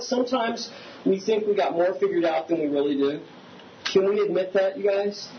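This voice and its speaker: A man preaching a conversational sermon as pastor, often asking the congregation questions. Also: high voice. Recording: slightly dull recording with faint hiss.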